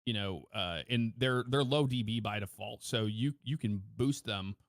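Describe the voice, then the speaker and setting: A man chatting casually as a guest, self-assured and quick in bursts, speaking right on a close studio mic with heavy EQ. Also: on the low side, no room sound. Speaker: guest streamer. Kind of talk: casual chat. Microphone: close dynamic mic with heavy EQ.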